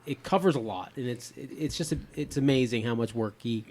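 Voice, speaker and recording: Casual podcast talk from a male host in his fifties, full of fillers and false starts. The medium-pitched voice moves fairly quickly and sounds a touch mellow.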